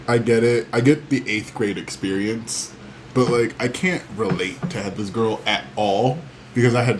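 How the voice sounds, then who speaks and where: A man's voice: on the low side, a little hiss or hum, poor audio. A man in his twenties giving a blunt, casual film opinion, swearing and filling with "like". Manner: blunt and sweary, many "like" fillers. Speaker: podcast co-host. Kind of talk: casual movie review chat.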